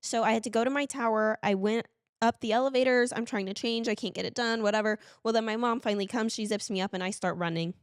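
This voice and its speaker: In a casual podcast chat, a woman co-host with a slightly high voice and steady tone tells a story at a quick pace. She's animated, laughing and squealing when quoting herself; the sound is clean studio audio with no echo.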